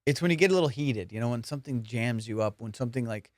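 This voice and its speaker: A man's voice: mid-range voice, fast, no room sound, studio quality. A man hosting a comedy podcast, riffing in a casual, profane way and slipping into put-on voices.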